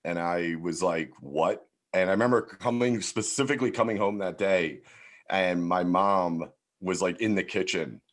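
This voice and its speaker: Very deep-voiced profane storytelling man. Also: normal speed. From Philadelphia, USA. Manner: loose and profane, lots of "like" fillers. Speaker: podcast guest, comedian. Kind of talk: casual storytelling chat.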